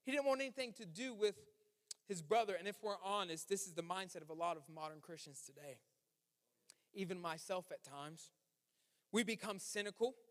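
A man's voice: high voice, moderate pace, fairly bright tone. A man preaching as a pastor, conversational and informal, with slang asides, and acting out the voices of biblical characters. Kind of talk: sermon. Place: church sanctuary. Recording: long hall reverb.

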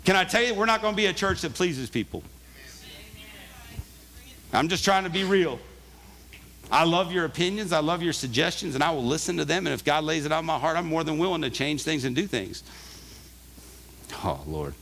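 A man's voice: a little high, lively intonation, normal speed, pauses often, a bit bright, slight background noise. Earnest male pastor preaching. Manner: earnest, conversational, emphatic. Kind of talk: sermon.

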